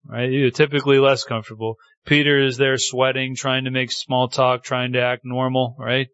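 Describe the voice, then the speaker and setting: A man's voice: normal speed, smooth, dry recording, lo-fi sound. A man preaching a sermon, telling the story with feeling and acting out the quoted lines. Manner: animated storytelling, acting out quotes with pitch swings. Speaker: pastor.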